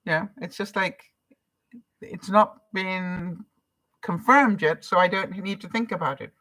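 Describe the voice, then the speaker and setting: A woman's voice: on the low side, unhurried, fairly bright tone. An older woman from Canada, a vlogger chatting casually on a live stream, reading out viewer comments and encouraging them between laughs.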